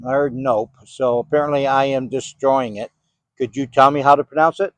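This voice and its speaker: Older male ghost hunter, mid-pitched, patient questioner in a rainy graveyard, dry close sound. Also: steady tone, normal speed, no echo. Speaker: paranormal investigator. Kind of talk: calling out questions to spirits. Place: cemetery outdoors in the rain.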